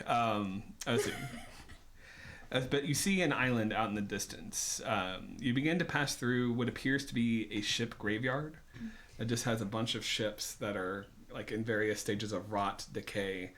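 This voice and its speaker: A man's voice: on the low side, fairly bright tone. A man narrating a tabletop game as dungeon master, rambling and hesitant with many fillers.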